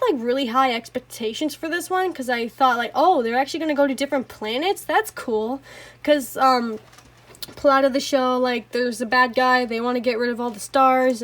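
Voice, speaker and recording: A woman's voice: sits high, fairly bright tone. A woman reviewing anime in a casual, rambling rant, swearing often, apologizing and laughing between thoughts. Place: home.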